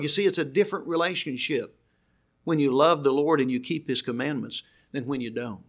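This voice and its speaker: An older man preaching a sermon, earnest and slowing down to stress key words. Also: mid-range voice, a bit bright.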